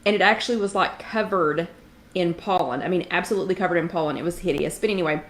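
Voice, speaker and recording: A woman's voice: fairly low pitch, fast. Chatty woman hosting a livestream. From Knoxville, Tennessee. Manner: chatty, greets viewers by name, frequent "um". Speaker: livestream host. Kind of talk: casual live-chat greetings.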